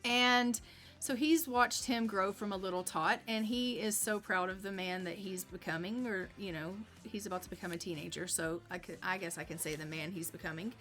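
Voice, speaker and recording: A woman's voice: mid-range voice, steady tone, normal speed, a bit bright, faint music behind. A woman streamer narrating a life-simulation game casually, chatty with many fillers.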